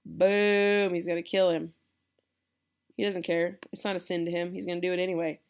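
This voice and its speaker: A woman's voice: lowish voice, flat delivery, moderate pace, clear, resonant tone. A woman teacher giving a casual classroom lecture, explaining a play and checking in with her students.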